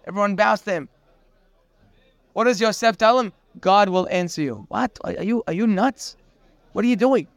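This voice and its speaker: High-voiced man teaching a Torah class. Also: smooth, dry recording. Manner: animated storytelling, sprinkled with Hebrew terms. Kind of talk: daily morning Torah class.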